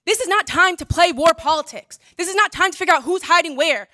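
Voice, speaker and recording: A woman giving a forceful, pleading public comment at a city council meeting, asking rhetorical questions. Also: extremely high pitch, quick pace.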